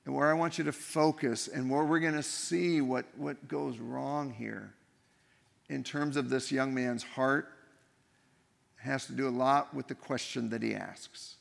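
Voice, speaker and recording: Pastor, male, conversational sermon delivery, rough fry in the voice, reverberant church hall. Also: medium pitch, steady tone, unhurried, a bit bright. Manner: conversational preaching with restarts and rhetorical questions.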